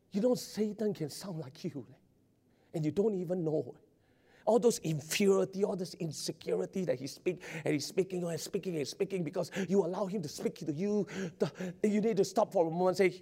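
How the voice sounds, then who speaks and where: A male pastor, preaching a sermon in an excitable way, repeating words and laughing often. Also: high-pitched, a little fast. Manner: excitable, stammering repetitions, frequent laughter.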